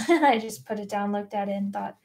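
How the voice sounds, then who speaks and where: A woman's voice: mid-range voice, a little fast, creaky, a little mellow, slight background noise. A woman guest on a podcast, telling her personal story in an earnest, reflective and candid way. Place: podcast recording room.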